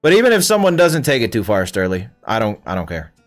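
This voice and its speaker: A man's voice: on the low side, huge pitch swings, quick pace, faint music behind. A young man from Canada streaming a game, chatting casually with viewers in a profane, rambling way. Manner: profane, rambling, talks back to chat. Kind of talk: casual livestream chat with viewers.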